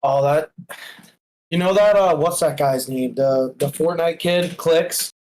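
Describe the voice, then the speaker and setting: A young man joins the stream and rambles through his own story with lots of swearing. His voice sits a little high. He sounds laid-back and casual. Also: unhurried, darkish tone, a little hiss or hum, poor audio. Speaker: stream guest.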